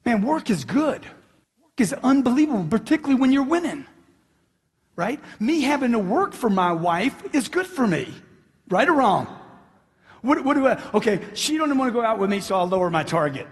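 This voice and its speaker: Man, middle-aged, motivational speaker, forceful, preachy, high voice, slightly husky. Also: very animated, normal speed. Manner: forceful, preachy, asks the crowd questions. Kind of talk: motivational seminar talk.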